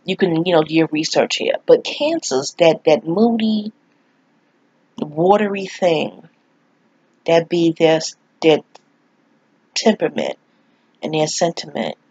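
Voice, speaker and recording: New woman, husky, chatty and profane storyteller, dry lo-fi audio. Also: low-pitched, big pitch swings, slow, pauses often, darkish tone, no room sound. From New York. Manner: candid, profane, rambling storyteller who laughs often. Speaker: astrology vlogger. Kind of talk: casual spoken monologue. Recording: dull lo-fi audio.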